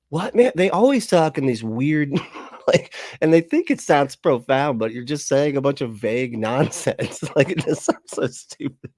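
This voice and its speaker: A man's voice: medium pitch, animated, moderate pace, darkish tone, dry recording, clean studio sound. A man commentating on a livestream, mocking and profane, laughing often through his sarcastic remarks.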